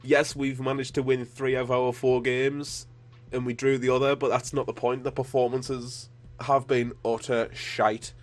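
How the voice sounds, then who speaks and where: A man commentating on his own football video game match, frustrated and swearing, with sudden excited outbursts. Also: medium pitch, unhurried. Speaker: gaming YouTuber.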